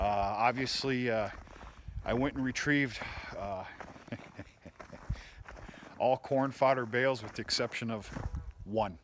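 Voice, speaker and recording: A man's voice: mid-range voice, a bit bright, a little hiss or hum. A man who raises cattle, talking casually and bluntly to camera on his farm, rambling and cursing mildly as he walks around. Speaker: cattle farmer. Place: outdoors on a farm.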